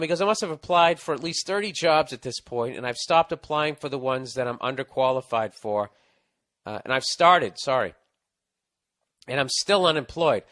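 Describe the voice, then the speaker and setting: A man hosting a comedy podcast, reading out a listener's letter and telling stories in a profane, ranting way. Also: on the high side. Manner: profane, ranting, animated storytelling. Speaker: podcast host.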